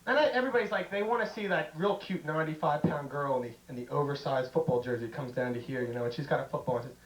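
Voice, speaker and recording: A man's voice: on the high side, quick pace, roomy sound, low-quality recording. A man doing a stand-up comedy routine, telling jokey stories and acting out bits in raised voices. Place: comedy stage.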